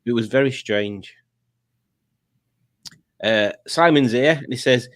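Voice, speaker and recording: A chatty man hosts a relaxed talk show, reading viewer comments aloud and laughing easily between them. His voice sits at an ordinary middle pitch. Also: slow. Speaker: podcast host. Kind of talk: casual chat.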